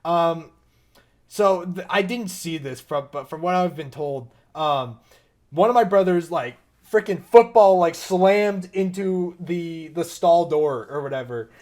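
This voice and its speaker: A young man with a fairly high voice speaks at a measured pace as he co-hosts a podcast. He's an animated storyteller, laughing a lot through the casual chat.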